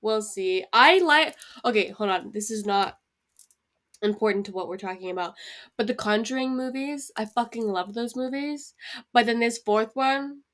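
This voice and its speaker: A woman's voice: a little high, moderate pace, a bit bright. A young woman co-hosting a podcast, chatting bluntly with lots of cursing and ums. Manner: blunt, profane, with many ums. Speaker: podcast co-host. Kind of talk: casual chat.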